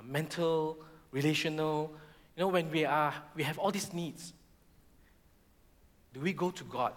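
A middle-aged man, preaching a sermon in a church hall and acting out voices in animated bursts. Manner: animated, acts out the Israelites' complaints in high voices. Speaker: pastor. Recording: long hall reverb.

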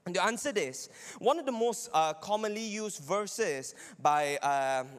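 A man's voice: high-pitched, expressive, measured pace, smooth. A man giving a teaching sermon, arguing his points and checking in with listeners. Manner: argumentative, often asks listeners "right?". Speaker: Bible teacher. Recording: long hall reverb.

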